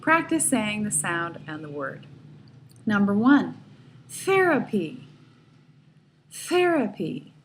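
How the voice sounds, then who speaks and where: Female pronunciation teacher, very slow and deliberate delivery, light background noise. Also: mid-range voice, sing-song. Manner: slow, deliberate, repeating each word carefully. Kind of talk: slow recorded pronunciation lesson.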